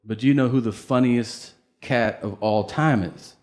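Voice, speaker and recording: A man voicing an excitable, obsessive older male comedian in a drawling, insistent way that bursts into shouting. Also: medium pitch, measured pace, close to an everyday voice.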